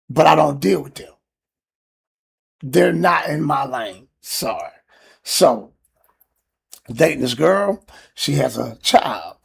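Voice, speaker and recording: A man hosting a podcast, telling a neighbor story in a casual, animated, profane rant. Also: on the high side. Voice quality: gravelly, husky. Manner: animated, acts out quotes, profane. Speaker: podcast host.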